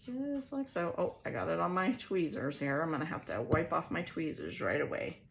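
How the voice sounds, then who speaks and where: A hoarse woman in her forties, hosting a casual craft tutorial and chatting with her viewers. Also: sits low, lively intonation, moderate pace, slight background noise. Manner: chatty, laughs often, talks to viewers as "you guys". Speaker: crafting channel host.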